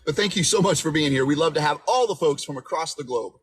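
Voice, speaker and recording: Husky-voiced guy in his 40s preaching relationship advice live, higher pitched, keeps saying okay. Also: lively intonation, quick pace. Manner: emphatic, repetitive, preachy, asks "okay?" often. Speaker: relationship coach. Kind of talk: livestream advice talk.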